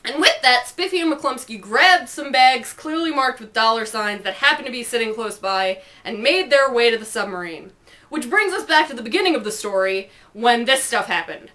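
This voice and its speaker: A woman reads out her own silly homemade story, slipping in playful asides and giggles. Her voice is high and bright, quick to break into laughter. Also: lively intonation. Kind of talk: comic homemade story reading.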